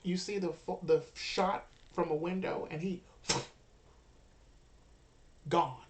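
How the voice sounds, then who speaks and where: A woman's voice: fairly low pitch, fairly even intonation, slow pace, background noise. A woman running a live-streamed tabletop role-playing game as game master, narrating with sudden dramatic outbursts.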